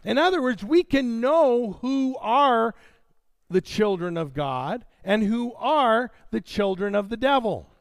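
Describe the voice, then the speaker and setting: Male preacher, high-pitched and gravelly, slow expressive sermon delivery. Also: no room sound. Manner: expressive preaching with dramatic scripture reading.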